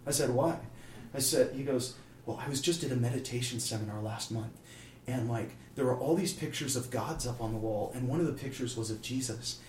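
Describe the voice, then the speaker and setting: Man from Kansas City, animated storyteller, mic at a distance in an echoey room. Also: mid-range voice, brisk. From Kansas City, USA. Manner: animated storyteller, acts out quoted voices. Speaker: guest telling a story. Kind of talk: casual storytelling interview. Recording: roomy, distant mic, faint room noise.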